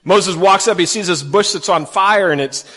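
A man preaching a sermon to kids and families, folksy and animated, acting out the quotes he reads. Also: sits high, normal speed, long reverb tail. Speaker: pastor.

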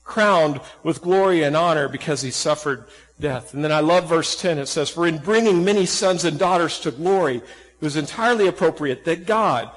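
A man's voice: fairly high pitch, normal speed, long reverb tail, rough recording. A man preaching a sermon, earnest and emphatic, asking the listeners questions and restarting phrases as he goes. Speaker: pastor.

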